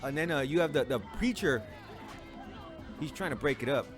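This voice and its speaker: A man's voice: fairly high pitch, lively intonation, moderate pace, over music. A man casually reacting to a movie, talking in profane slang and laughing often. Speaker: movie reviewer.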